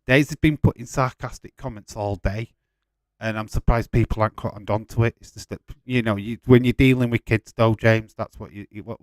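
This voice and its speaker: A man talks loosely on a live stream in a fairly low voice, rambling and swearing as he reacts to his viewers. The sound is dry and close to the microphone, with no room around it. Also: dry recording. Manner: swears freely, rambling, laughs often. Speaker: streamer host of a watch-along. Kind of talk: casual live-stream chat reading viewer comments.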